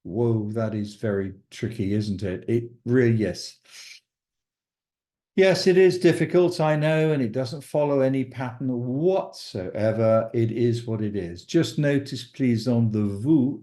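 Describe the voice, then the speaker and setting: A man's voice: medium pitch, takes it slowly, warm tone. A man giving a patient video lesson on French verbs, spelling out endings letter by letter. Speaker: French teacher.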